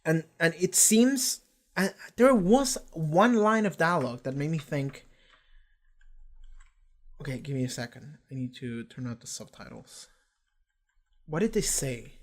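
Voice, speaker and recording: A man hosting a live reaction stream, recapping an episode in a rambling, excitable way, swearing casually and acting out characters' lines. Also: fairly high pitch, a little slow, pauses often. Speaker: reaction channel host.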